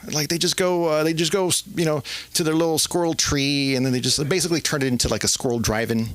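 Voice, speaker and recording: A middle-aged man doing open mic stand-up comedy in a club, rambling with halting pauses and lots of fillers. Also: fairly high pitch, steady tone, fairly bright tone, no room sound.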